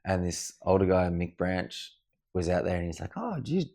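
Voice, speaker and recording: An Australian man, a podcast guest, telling an animated story in a casual chat at home, swearing freely. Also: deep voice, moderate pace. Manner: animated, swears freely, acts out other people's voices. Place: living room of a house at night.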